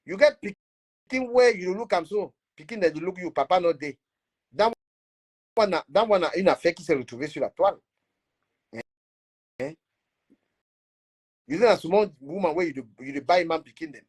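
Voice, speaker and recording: A Cameroonian man, a blogger, scolding in animated Pidgin English and switching into French. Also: high-pitched, normal speed, pauses often, breathy edge. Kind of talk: ranting commentary.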